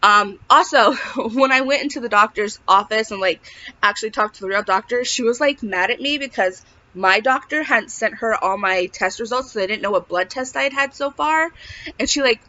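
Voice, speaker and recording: Bright, chatty young woman, lo-fi audio. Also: a little high, normal speed. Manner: chatty, peppered with "like", animated retelling. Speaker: vlogger sharing a pregnancy update. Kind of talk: casual storytelling to camera. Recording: dull lo-fi audio.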